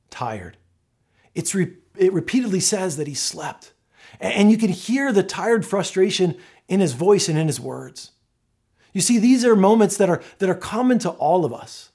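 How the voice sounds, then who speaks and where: A man preaching a sermon, reading scripture aloud and then talking it through in an expressive, conversational way, often restarting his phrases. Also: high-pitched, moderate pace, breathy edge. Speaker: pastor.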